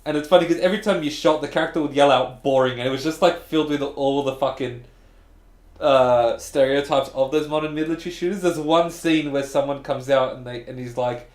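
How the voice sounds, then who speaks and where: A man co-hosting a gaming podcast, telling stories in an animated, casual way with some swearing. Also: medium pitch. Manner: animated storytelling, swearing, quick asides. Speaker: podcast co-host. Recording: echoey room.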